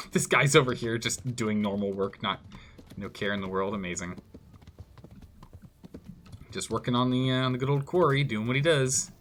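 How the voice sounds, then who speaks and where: A man's voice: medium pitch, normal speed, pauses often, a bit bright. A man streaming gameplay live, commenting in a playful, jokey way.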